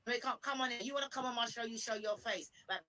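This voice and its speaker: A woman calling into a livestream, forceful and indignant as she repeats her points in a heated rant. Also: a little high, rapid-fire, rough recording. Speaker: livestream guest.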